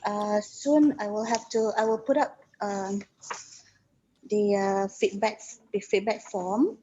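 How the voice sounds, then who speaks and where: A woman hosting an online webinar over a video call, moderating in a polite, brisk way. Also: medium pitch, fairly even intonation, mellow, slightly rough. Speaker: webinar host. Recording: dull lo-fi video call audio.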